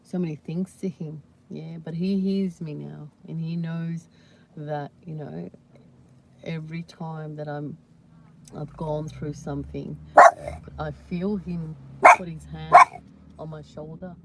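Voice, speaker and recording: A woman hosting a casual live chat with viewers, talking warmly and reassuringly with many "you know"s and "yeah"s. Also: low voice, flat delivery, slow pace, gravelly, a little hiss or hum. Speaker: livestream host.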